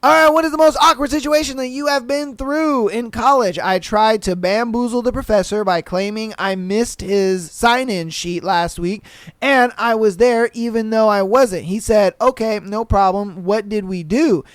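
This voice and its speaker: A man hosting a podcast, telling a story in casual slangy talk, animated, laughing and swearing. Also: high-pitched, moderate pace, dry recording, studio quality. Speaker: podcast host. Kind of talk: casual storytelling and reading listener posts.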